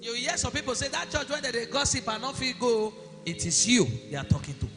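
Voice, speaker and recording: A man with a high voice and preaches to his congregation, checking in with "are you hearing me" and climbing to shouts. His voice carries a long church-hall reverb, with music clearly playing underneath. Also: big pitch swings, fairly quick. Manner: rhetorical questions to the congregation, rising to shouts. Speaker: pastor. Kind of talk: sermon.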